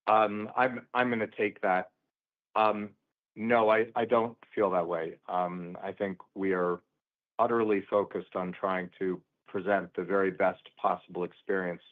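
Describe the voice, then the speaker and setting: An older man answers analyst questions with measured, hesitant phrasing. His voice sits very low. It comes through a narrow, phone-like line. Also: level tone. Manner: measured, hesitant with many ums. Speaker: company executive answering analysts. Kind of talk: earnings call answers.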